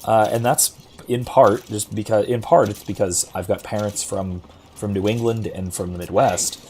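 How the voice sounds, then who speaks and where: A man's voice: lowish voice, fairly even intonation, moderate pace, a little mellow. A man from Florida with a general American accent, casually talking philosophy while he plays a game, thoughtful and rambling with many fillers and restarts. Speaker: streamer. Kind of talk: casual chat while gaming.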